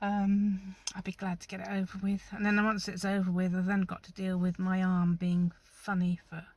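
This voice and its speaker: A woman's voice: medium pitch, completely flat delivery, moderate pace, dry recording. A woman, vlogging from inside her car and talking in a rambling, openly nervous way. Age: 60s. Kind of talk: casual talk to camera. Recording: dull audio with loud vehicle noise.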